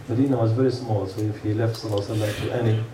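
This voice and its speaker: A man's voice: lowish voice, steady tone, racing, crowd noise. A man giving an earnest sermon, asking rhetorical questions and telling stories to a congregation. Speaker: preacher. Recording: echoey room, mic far off, faint hum.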